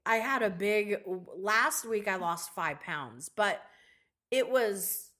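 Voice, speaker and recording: A woman's voice: mid-range voice, lively intonation, slow, pushed and bright. A woman co-hosting a podcast in casual chat, telling stories with swearing, laughter and acted-out quotes. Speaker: podcast co-host.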